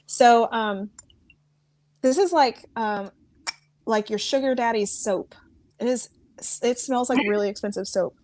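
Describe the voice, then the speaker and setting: American woman guesting on a video call, bubbly and giggly, slightly high voice, dry sound with no room echo. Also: unhurried, long pauses, a little mellow. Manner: bubbly, laughs often, frequent "like". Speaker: guest fragrance reviewer. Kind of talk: casual video call chat.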